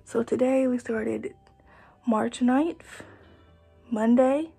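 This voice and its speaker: Speaking very slowly in a creaky, mellow, slightly rough voice on the high side, a young adult woman vlogs a home workout. She's a fitness vlogger, a bit breathless, chatting casually with viewers as "you guys" and using many fillers. The recording is low quality, with soft background music.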